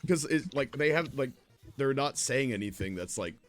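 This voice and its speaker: A man's voice: medium pitch, animated, normal speed. A young man in casual chat, laid-back and filler-heavy, saying "like" constantly. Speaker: streamer.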